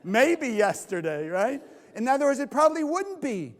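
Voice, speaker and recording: High-voiced animated male lecturer. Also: moderate pace, in a large hall. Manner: animated, acts out inner voices, asks the audience questions. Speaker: Kabbalah teacher. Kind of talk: lecture to a live audience.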